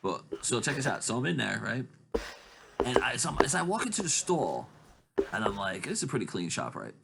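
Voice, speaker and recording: Rambling storyteller man, lively pitch. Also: fairly quick, vocal fry, heavy background noise. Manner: rambling, acts out quotes in high voices. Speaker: podcast host. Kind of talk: casual chat, storytelling.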